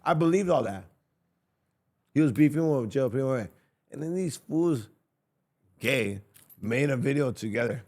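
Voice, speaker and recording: Animated, teasing male co-host. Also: medium pitch, moderate pace, pauses often. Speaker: podcast co-host. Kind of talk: casual podcast chat.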